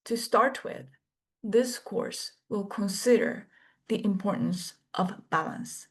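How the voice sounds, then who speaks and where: A woman course instructor giving a scripted orientation lecture in a measured, deliberate way, pausing between the items of each list. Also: mid-range voice, husky.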